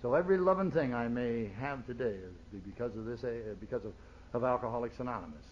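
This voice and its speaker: A man's voice: mid-range voice, animated, fast talker. An older man giving a personal recovery testimony at a meeting, plainspoken and streetwise, emotional as he speaks. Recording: dull lo-fi recording.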